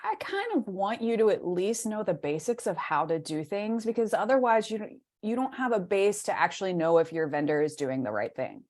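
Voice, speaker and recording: A woman's voice: mid-range voice, very animated, a little fast, few pauses, darkish tone. A woman co-hosting a podcast in casual chat, rambling with many fillers and restarts. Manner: rambling, filler-heavy, self-interrupting. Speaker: podcast co-host.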